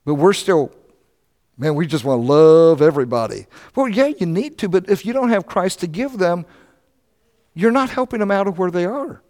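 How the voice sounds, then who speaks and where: An older man preaching a sermon, telling stories in a conversational, animated way. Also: high-pitched, moderate pace, big-room sound. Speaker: pastor.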